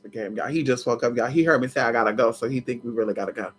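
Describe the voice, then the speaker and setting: A spiritual vlogger chatting casually to viewers in a sassy, dramatic way, swooping up and down in pitch and breaking into laughs and shouts. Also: rapid-fire, a little hiss or hum. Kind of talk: casual livestream chat.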